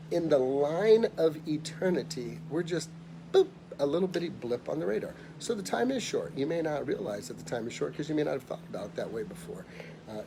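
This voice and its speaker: A middle-aged man giving a motivational talk, telling a personal story emphatically and dropping quiet when he voices others. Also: medium pitch, noisy background. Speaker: motivational speaker.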